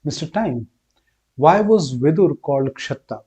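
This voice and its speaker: Man narrating a story, husky mellow voice. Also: fairly high pitch, expressive, a little slow. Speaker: storyteller host.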